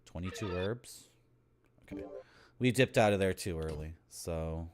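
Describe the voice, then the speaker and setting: A man's voice: deep voice, unhurried, slight background noise. A man streaming a video game, casually commenting and joking with his chat. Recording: game music behind voice.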